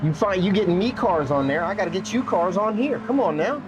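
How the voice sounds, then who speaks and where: Lively chatty male game streamer. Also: high voice, brisk, muffled recording, noisy background. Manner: playful, chatty, jokes with viewers and pets. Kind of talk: casual live-stream chat while gaming.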